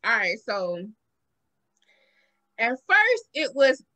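Bright high-voiced Southern woman chatting. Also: very slow. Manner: animated storytelling, acts out quotes with big pitch jumps. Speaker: podcast host. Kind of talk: casual chat.

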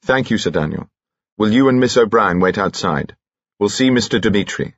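A man voicing a calm, formal police inspector who questions in a quiet, matter-of-fact way in an audiobook. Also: on the low side, normal speed, no echo, dull audio.

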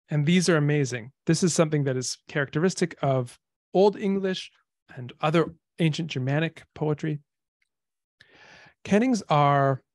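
Male lecturer, informal, slightly high voice, dry mic. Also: no echo. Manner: chatty, thinks aloud with fillers and restarts. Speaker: lecturer on dead languages. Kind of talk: online talk with slides.

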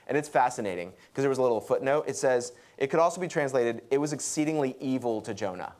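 A young adult man preaching a sermon, animated and acting out quotes. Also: brisk, hardly any pauses. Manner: lively, acts out quotes with pitch jumps. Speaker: pastor.

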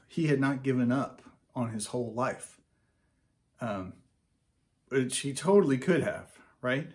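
A man preaching a casual, conversational sermon, reading scripture aloud and breaking into animated asides. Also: mid-range voice, unhurried, long pauses.

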